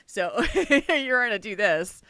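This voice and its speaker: A woman's voice: medium pitch, very animated, slow pace, fairly bright tone, dry recording. A woman co-hosting a podcast in casual chat, talkative and often laughing as she trails off. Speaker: podcast co-host.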